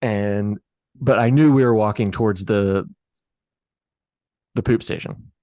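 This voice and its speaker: A man telling a story on a podcast in a casual, animated, profane way. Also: on the low side, unhurried, no room sound, clean studio sound.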